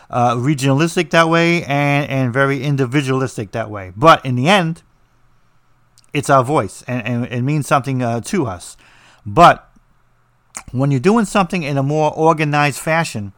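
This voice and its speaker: A man's voice: medium pitch, fairly bright tone, no echo, clean studio sound. A man with a New Jersey accent, teaching about writing in a blunt, rambling, joking way with lots of fillers. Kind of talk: casual monologue.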